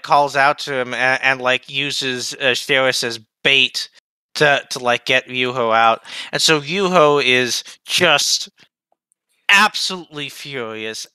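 A man's voice: medium pitch, bright, forceful tone, smooth, no echo. A man in a casual anime discussion, recapping the plot in long, rambling runs.

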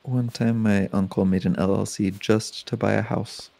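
A man's voice: on the low side, steady tone, moderate pace, creaky, dark tone. A man co-hosting a gaming show, laid-back, with dry humor, chatting as he plays. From Oregon, USA. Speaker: co-host and gamer. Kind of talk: casual chat while playing.

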